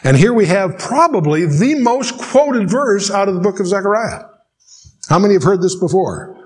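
A man's voice: high voice, animated. Older man teaching scripture, dry humor. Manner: reads scripture slowly, then explains with dry asides. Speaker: Bible teacher. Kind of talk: verse-by-verse Bible teaching.

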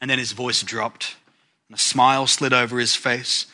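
A man's voice: mid-range voice, little pitch movement, moderate pace, sharp tone. A man preaching a sermon, telling a story with dramatic rises and sudden drops in his voice. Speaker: pastor.

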